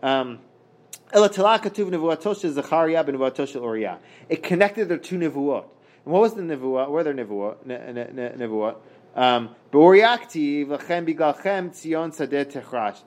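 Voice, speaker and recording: Halting man teaching a Talmud page. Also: fairly high pitch, expressive, a little mellow. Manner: halting, many fillers and restarts, reads Hebrew then translates. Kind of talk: casual daf study lesson.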